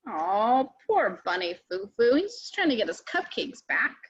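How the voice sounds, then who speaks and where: A woman, a children's librarian, reading a picture book aloud to children in an animated, expressive way. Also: a little high, unhurried, slightly rough. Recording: dry, dull lo-fi sound.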